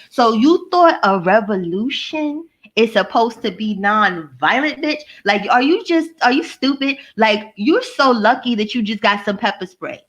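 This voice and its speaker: A woman's voice: on the high side, highs cut off. A woman vlogger ranting casually to her live chat, profane and mocking, answering viewers by name.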